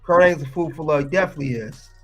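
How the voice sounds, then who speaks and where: A man's voice: a little high, rapid-fire, fairly bright tone, muffled recording, soft background music. A man hosting a reaction video, ranting and scolding as he comments on an interview clip.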